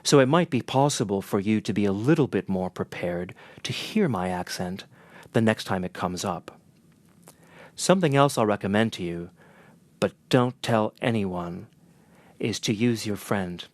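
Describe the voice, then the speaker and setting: Northern American man, measured and earnest. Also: fairly low pitch, animated, no echo. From northern United States. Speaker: interpreter and teacher. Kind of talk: scripted lesson to camera.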